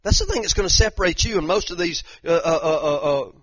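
High bright-voiced guy preaching hard, repeats himself a lot, dry dull lo-fi sound. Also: expressive, fast, no room sound. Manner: fervent, repetitive preaching with Southern-style slang. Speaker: pastor. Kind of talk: sermon.

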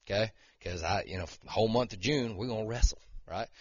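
A man's voice: lowish voice, quick pace, dry recording, highs cut off. A middle-aged man, preaching a casual, conversational sermon with frequent "okay?" and "right?" checks to his listeners. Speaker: lay preacher and wrestling coach.

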